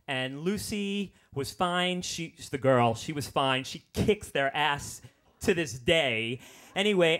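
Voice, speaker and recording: A man's voice: fairly high pitch, fairly bright tone. Wry fifty-year-old man telling a comic story. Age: 50s. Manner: exasperated, self-mocking storytelling with quick asides. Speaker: comedian telling a personal story. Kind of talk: stand-up storytelling.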